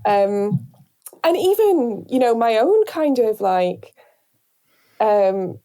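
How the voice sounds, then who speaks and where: A radio presenter, here a guest, speaks reflectively in an interview with a softened Northern English accent, searching for words through many pauses, fillers and restarts. Her voice sits a little high and swings widely in pitch.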